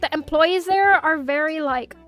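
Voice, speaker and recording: A young VTuber streamer with a Miami Hispanic accent chats casually on a livestream, animated and swearing freely as she answers chat. Her voice sits high at a moderate pace, with faint music behind her.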